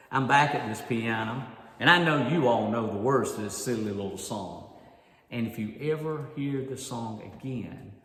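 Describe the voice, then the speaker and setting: A man telling a story to an audience at a conference, animated and drawing the crowd in. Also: fairly low pitch, gravelly. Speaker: speaker at a volunteer leader conference. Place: large hall. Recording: echoey hall with long reverb.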